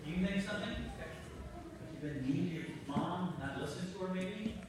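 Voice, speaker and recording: In a large church, a man with a high-pitched, brisk voice delivers a homily to children, chatty and coaxing as he asks them questions. The background is noisy, and the echoey sound is captured from far off.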